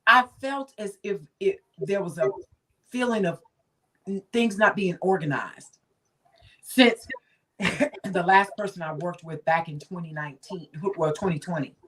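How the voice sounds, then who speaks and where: A woman's voice: fairly low pitch, unhurried, long pauses, fairly bright tone, recorded from a distance, low-quality recording. A woman hosting a casual chat, affirming her guest and telling her own story with frequent laughs. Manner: chatty, affirming, laughs often. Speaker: host.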